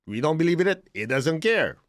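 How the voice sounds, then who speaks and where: A man's voice: on the high side, very animated, normal speed, no echo, studio quality. A middle-aged man giving an informal spiritual lesson, talking directly and acting out complaining students. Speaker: spiritual teacher.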